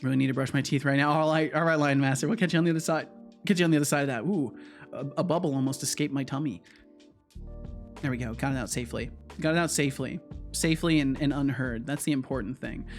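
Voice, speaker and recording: A man's voice: mid-range voice, steady tone, fast. Casual male streamer, stumbles over his words a lot, light music in the background. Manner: stammers and repeats himself. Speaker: streamer and game developer. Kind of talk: casual livestream chat. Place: home.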